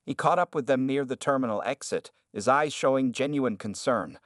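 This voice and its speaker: A man narrates a scripted drama in a steady, even manner. His voice sits in a middle pitch range. The recording is close and very dry, with no room sound. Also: normal speed, dry recording.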